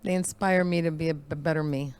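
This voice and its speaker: Sincere woman guest with smooth, low voice. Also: fairly even intonation, brisk. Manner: sincere, warm about her children, brief answers. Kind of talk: interview conversation.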